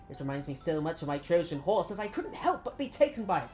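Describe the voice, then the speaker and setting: A woman's voice: high voice, huge pitch swings, normal speed, faint music behind, voice pushed up. A woman reading aloud as a polite, cunning male hero strategist in a put-on British accent. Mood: courteous. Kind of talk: reading game dialogue aloud.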